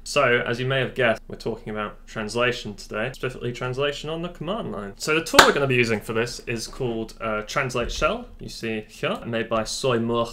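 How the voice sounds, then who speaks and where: A man hosting a casual software tutorial, talking in a chatty, joking, self-deprecating way. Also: medium pitch, animated, brisk, hardly any pauses, background noise. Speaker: tech tutorial host. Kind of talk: casual screen-recorded tutorial. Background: faint keyboard typing.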